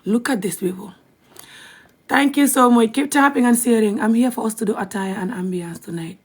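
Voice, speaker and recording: A woman's voice: a little high, moderate pace. A young woman with a Gambian accent chatting bluntly on a live video, laughing often and dropping to a whisper at times. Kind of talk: casual live-stream chat.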